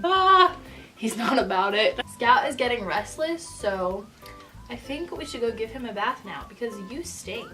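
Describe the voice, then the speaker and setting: A woman's voice: on the high side, expressive, unhurried, pushed and bright. A teenage girl vlogging casually at home, gushing and cooing in baby talk. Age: late teens. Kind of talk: casual vlog chat. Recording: echoey room, mic at a distance, music behind.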